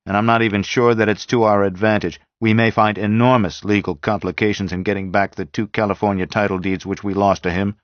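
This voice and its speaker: A man voicing a brisk, take-charge group leader in an audiobook reading, with a clipped, businesslike manner and raised voice. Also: fairly low pitch, little pitch movement, dry recording, voice pushed up, lightly acted. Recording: dull dry lo-fi sound.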